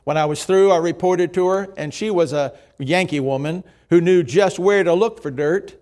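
A man preaching a sermon, telling stories and reading quotes aloud, slowing down for emphasis. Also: sits high, a little mellow. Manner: measured storytelling, reads quotes aloud, slows for emphasis. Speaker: pastor.

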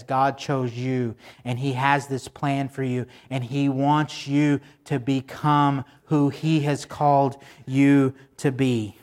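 A man preaching a sermon in a conversational way, turning to the congregation with asides and slowing down to stress the scripture he quotes. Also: medium pitch. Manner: slows down for emphasis when quoting scripture. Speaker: pastor.

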